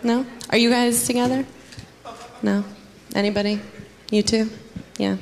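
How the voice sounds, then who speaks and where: A woman's voice: fairly even intonation, unhurried, gravelly. Young woman doing stand-up, teasing crowd. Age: young adult. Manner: chatty, teasing the crowd, sudden high squeals in bits. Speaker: stand-up comedian. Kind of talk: stand-up comedy set. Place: comedy club stage. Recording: loud background noise from audience.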